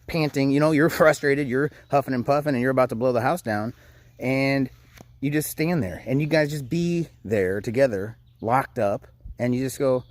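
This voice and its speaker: A man's voice: medium pitch, dry recording. A man in his thirties giving casual parenting advice to camera, frank and conversational, with frequent hesitations. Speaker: parenting coach.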